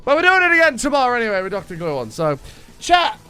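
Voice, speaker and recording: A young man chatting with his stream audience in an excitable, casual way, his voice worn and strained. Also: very high voice, fast talker, clean tone, soft background music. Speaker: livestreamer.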